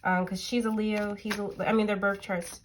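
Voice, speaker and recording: A woman's voice: medium pitch, little pitch movement, moderate pace, noisy background. Stuffy-nosed woman rambling through a tarot reading. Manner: rambling, lots of "like" and "um". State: stuffy nose, nasal. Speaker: tarot reader. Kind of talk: casual tarot reading chat.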